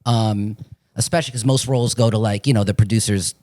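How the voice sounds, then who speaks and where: A man's voice: fairly low pitch, steady tone, fairly quick, a little mellow. A young man from Florida, an actor, telling rambling, profane stories in a casual chat and acting out the voices of the people in them. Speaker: podcast guest, actor.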